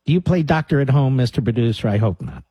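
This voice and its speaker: A man's voice: mid-range voice, expressive, quick pace, warm tone, slightly rough, no echo. A man hosting a talk radio show, sarcastic and combative, stopping clips to mock them.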